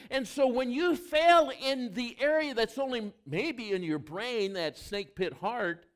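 A man delivers a sermon with a fairly high voice that swings widely in pitch. He calls questions out to the congregation, then drops into quiet, low asides before rising again. The delivery is animated and emphatic. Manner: swings between loud emphatic lines and hushed low asides; asks the congregation questions directly. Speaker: pastor.

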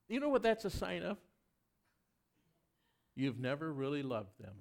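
Lively, earnest male pastor preaching. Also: fairly high pitch, unhurried, vocal fry, long pauses. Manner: earnest, animated storytelling with self-deprecating humor. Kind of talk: sermon.

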